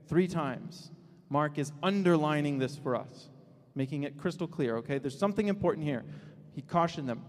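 A man preaching in a somewhat high voice, building to emphatic declarations and then dropping into low, quiet asides. His words ring out with a long reverb in a church sanctuary. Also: fairly quick. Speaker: pastor. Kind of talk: sermon. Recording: long reverb of a large hall.

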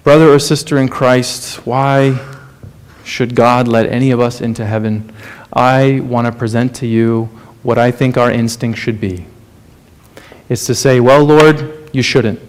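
A man preaching a sermon, earnest and questioning, often dropping to a soft, low delivery for emphasis. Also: fairly even intonation, unhurried.

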